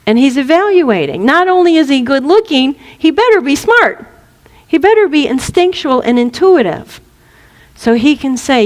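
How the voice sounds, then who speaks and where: A woman's voice: high voice, very animated, normal speed, in a large hall. A woman minister giving a spiritual teaching talk, playful, laughing often and acting out little voices.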